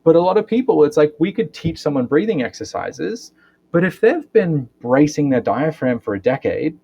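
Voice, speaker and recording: A man's voice: on the high side, normal speed, vocal fry, breathy edge, highs cut off. A man, a physiotherapist and breathwork educator, explaining things in a podcast interview, often ending points with a questioning "right?". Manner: animated explainer, frequent tag questions.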